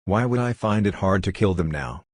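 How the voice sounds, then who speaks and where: Audiobook: feral girl raised by beasts, broken English, calm and ruthless, read by a man with a deep voice. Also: normal speed, dry recording, clean studio sound. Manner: broken English, flat and matter-of-fact. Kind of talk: audiobook character voice.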